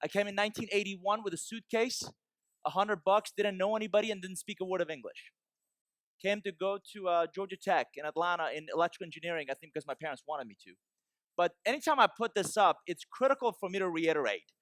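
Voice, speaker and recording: A man from Iran giving a measured, emphatic conference keynote, pausing between points. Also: high voice, fairly bright tone, no echo. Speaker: keynote speaker. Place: conference hall stage.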